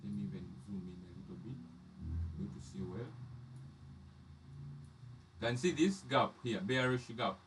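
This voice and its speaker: A man's voice: fairly low pitch, expressive, moderate pace, long pauses, recorded from a distance, slight background noise. A man teaching trading charts step by step, often repeating and restarting his phrases. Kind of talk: live chart lesson.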